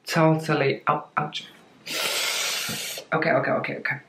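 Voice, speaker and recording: In a casual vlog, a woman unboxes plant gifts, gushing and exclaiming in a slow, drawn-out way. Her voice is deep with a level tone. The room is echoey, and background noise is noticeable.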